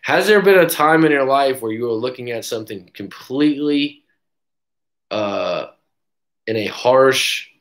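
A man working as a breakup coach, talking casually on a live stream and acting out quotes as he tells stories. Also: mid-range voice. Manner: casual, animated storytelling with acted quotes. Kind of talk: live-stream book review talk.

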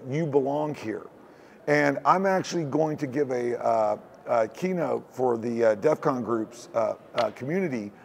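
A man from Houston, Texas, is an interview guest on a hacker convention floor, speaking in a medium-pitched, creaky, darkish voice with a little hiss or hum. The conversation is casual, and his phrasing rambles and loops, full of "it's like."

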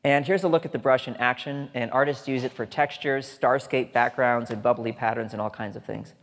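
A man's voice: mid-range voice, steady tone, brisk, a bit bright. A man giving a humorous conference talk, chatty and joking, with asides to the audience. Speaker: conference speaker. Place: large lecture hall stage. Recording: hall reverb on a stage talk.

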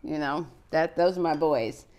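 A woman in her sixties hosts a live children's cooking show, chatty and encouraging as she reads out viewer greetings, with frequent fillers and restarts. Her voice is low and dark in tone, and she speaks at a measured pace.

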